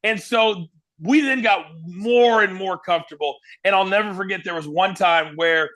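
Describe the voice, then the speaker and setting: A man from Kansas, USA, who used to broadcast wrestling, appears as a guest sharing casual stories. His voice sits high at ordinary speed, and he acts out quotes with lively energy.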